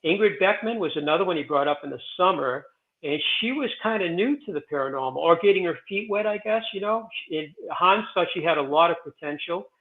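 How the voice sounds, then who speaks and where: A man in his sixties with a slightly higher voice, wandering through his stories with plenty of fillers and restarts. His voice comes through a thin, tinny, phone-like line, as if he is calling in from somewhere else. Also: animated, fairly quick. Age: 60s. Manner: rambling, digressive, frequent fillers and restarts. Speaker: guest, president of a historic stone site. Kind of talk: casual interview storytelling.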